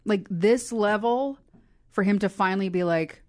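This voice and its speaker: A woman co-hosting a casual chat about a cartoon episode, sarcastic and quick to laugh. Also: mid-range voice, darkish tone, no room sound, clean studio sound. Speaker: podcast co-host.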